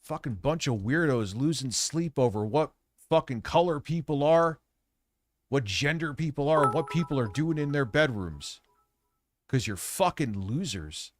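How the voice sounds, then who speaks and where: A man's voice: mid-range voice, lively intonation, a little slow, no room sound. A man streaming live and ranting crudely, swearing constantly, and mocking the people he criticizes. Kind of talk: profane live-stream rant.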